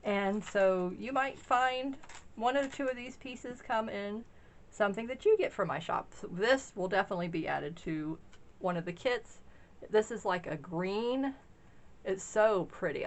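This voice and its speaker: A middle-aged woman chatting casually in a vlog, gushing and rambling excitedly as she shows off vintage craft finds. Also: medium pitch. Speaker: craft shop owner sharing a haul.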